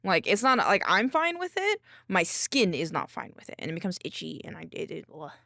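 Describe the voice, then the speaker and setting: A woman's voice: lowish voice, very animated, brisk, gravelly, fairly bright tone, dry recording, studio quality. A woman streamer chatting casually while she works, rambling with many restarts and fillers. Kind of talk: casual chat while working.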